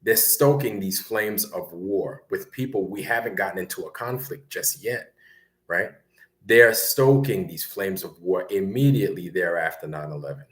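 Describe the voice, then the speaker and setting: A man, telling a long story in a rambling, conversational way and often tagging his sentences with a quick question. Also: low voice. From Brooklyn, New York. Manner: rambling, conversational, keeps asking "right?". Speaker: guest recounting military service. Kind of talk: casual storytelling.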